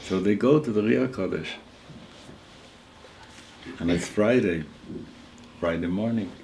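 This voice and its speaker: An elderly man in his eighties, a rabbi telling a story at a gathering in a lively, chuckling way, sprinkling in Yiddish words. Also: on the low side, slow pace, vocal fry, a little hiss or hum, low-quality recording. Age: 80s.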